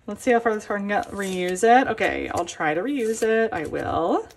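A young woman casually vlogging an album unboxing, gushing and exclaiming with excitement as she goes. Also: medium pitch, moderate pace, gravelly, slight background noise.

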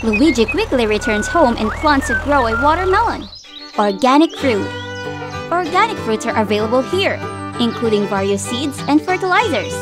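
A woman's voice: on the high side, expressive, moderate pace, over music. A woman narrating a children's toy story, asking playful questions as she tells it.

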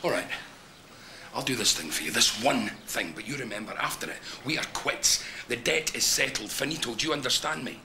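A man's voice: medium pitch, lively intonation, fairly quick, gravelly. An actor playing a proud, blunt Scottish man who insists on his terms, speaking defiantly. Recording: noisy off-mic TV drama sound.

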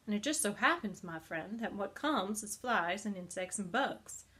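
Charlotte, a woman reading as a calm clever spider. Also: medium pitch, moderate pace. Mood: firm. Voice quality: thin pleasant voice. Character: female spider, calm, clever, matter-of-fact.

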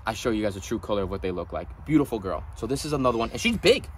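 A man hosting a casual vlog at his animal ranch, gushing with excitement and at times quietly sad. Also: fairly low pitch, very fast, a little hiss or hum. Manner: gushing, excitable, swings from loud delight to quiet sadness. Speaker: reptile breeder and channel host. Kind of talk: casual vlog talk to camera.

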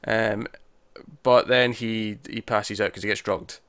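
A man's voice: on the low side, moderate pace, fairly bright tone, no echo. A man co-hosting a casual review podcast, recorded dry and close with no room sound. He rambles through the plot, restarting sentences and voicing characters' lines as he goes. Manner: rambling recap with many restarts and quoted asides. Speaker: podcast co-host.

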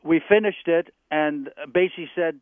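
Animated older man on a phone line. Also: fairly high pitch, measured pace, no room sound. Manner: animated storyteller, acts out quotes. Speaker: guest drummer. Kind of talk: telling stories in a radio interview.

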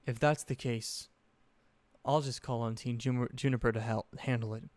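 A man voicing a scheming silver-haired male headmaster who speaks in a calm, measured, quietly menacing way. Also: medium pitch, dry recording, lightly acted.

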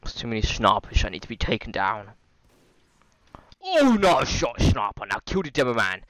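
A young man giving casual, excitable gameplay commentary, swearing and repeating quick callouts as he plays. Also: mid-range voice, no echo. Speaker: gamer streaming gameplay.

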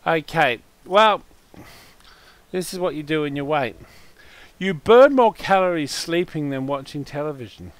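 A man chatting casually while waiting for a game, reading out random facts with crude swearing and loud laughing outbursts. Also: on the high side, animated, takes it slowly, long pauses, no echo.

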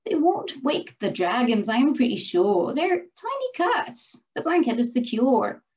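A woman voicing a golden, slender sedge plant spirit in a storybook tale, speaking in a slow, reassuring way. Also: high-pitched, big pitch swings, darkish tone, full character voice. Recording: dull lo-fi recording.

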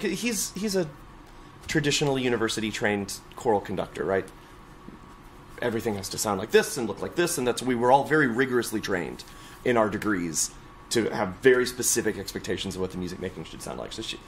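A young adult man, a choral conductor, telling stories in an oral history interview, lively and expressive as he quotes others. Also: lowish voice, fast talker, a little hiss or hum.

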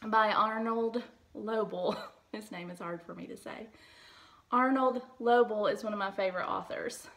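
A young woman teacher reading a storybook aloud to her class, speaking gently and clearly and asking the children questions. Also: medium pitch, rough recording.

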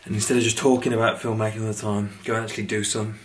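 A man's voice: fairly low pitch, flat delivery, rapid-fire. A young man talking casually and energetically to camera in his vlog, swearing freely. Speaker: vlogger. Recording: noisy background.

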